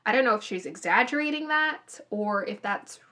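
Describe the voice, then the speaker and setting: A woman's voice: mid-range voice, lively intonation, normal speed, sharp tone. A woman casually giving her opinions in a TV review, chatty and thinking aloud with restarts, recorded on a phone. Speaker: reality TV reviewer.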